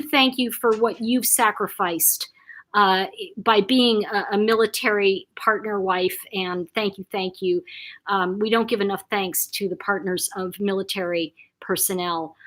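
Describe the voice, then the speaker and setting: Bright-voiced older woman chatting live. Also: medium pitch. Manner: warm, chatty, reacts to comments, laughs often. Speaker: live chat host. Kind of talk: casual live-stream chat reading viewer comments.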